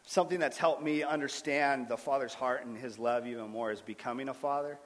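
A man in his thirties giving an earnest sermon-style testimony as a guest speaker, swinging between loud and hushed. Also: medium pitch, fairly even intonation, fairly quick. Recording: long hall reverb.

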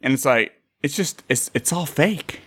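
A man's voice: a little high, animated, unhurried, fairly bright tone, breathy edge. A man hosting a casual interview chat, who often stammers and repeats words. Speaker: interview host.

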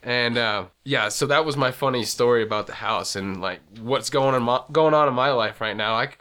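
A man co-hosting a podcast, telling a rambling story in casual crude chat with many halting restarts. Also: medium pitch, bright, forceful tone. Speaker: podcast co-host.

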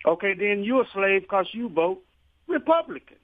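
A male radio caller with a high-pitched voice, heard over a tinny phone line. He talks in a loose, colloquial drawl and circles back over his points. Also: very animated, moderate pace, dry recording. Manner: drawling, colloquial, repeats himself. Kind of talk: phone-in call.

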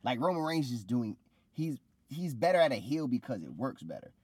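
A man's voice: mid-range voice, moderate pace, slightly rough, no echo. A young man in casual chat, retelling a wrestling match with slang and acted-out quotes. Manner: animated storytelling, acts out quotes, slangy.

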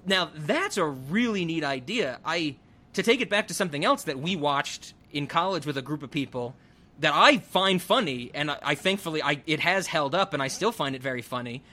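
Brief: young male podcast host, rambling and chatty, bright and slightly high. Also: lively intonation. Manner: chatty, many fillers and quick asides. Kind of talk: casual chat.

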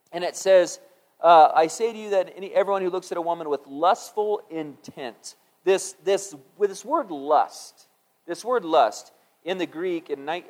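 Preaching in a musing, conversational style, a middle-aged pastor lifts his voice to stress points and lowers it whenever he quotes scripture.

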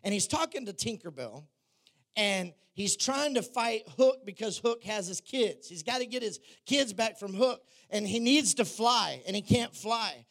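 High-voiced man preaching. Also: animated, measured pace, a bit bright. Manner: storytelling, chatty, self-deprecating humor. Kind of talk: sermon.

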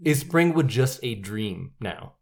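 Wry podcast co-host with lively pitch. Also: slow pace, gravelly. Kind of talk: casual movie discussion.

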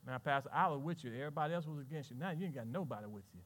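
A man's voice: a little high, animated, fairly bright tone. A middle-aged man with a Southern American accent preaching a sermon as pastor, trading lines with imagined churchgoers and laughing along. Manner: preaching with call-and-response asides and laughter; voices imagined congregants in quick back-and-forth.

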